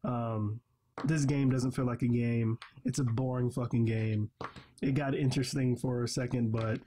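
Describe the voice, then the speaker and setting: A man's voice: medium pitch, steady tone, normal speed, mellow, slight background noise. A man hosting a gaming channel, giving a frustrated, profane, rambling game review. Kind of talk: casual ranting game review.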